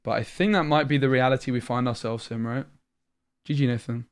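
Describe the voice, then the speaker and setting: This young British streamer, tired after hours of play, chats and thinks aloud over a card game. His medium-pitched voice is smooth and brisk, with fairly even intonation.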